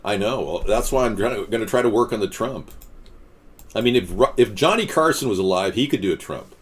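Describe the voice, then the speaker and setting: A man's voice: lowish voice, animated, brisk. A man hosting a casual political chat show, rambling and sarcastic as he reads viewer comments. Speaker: host.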